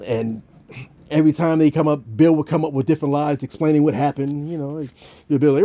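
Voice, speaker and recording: A man giving casual, joking devotional commentary in an animated way, with many restarts. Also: fairly high pitch, a little fast. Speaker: vlogger.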